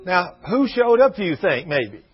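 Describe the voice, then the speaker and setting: Older preacher, husky high voice, folksy storyteller, dull lo-fi radio sound. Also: male voice, big pitch swings, normal speed. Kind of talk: sermon.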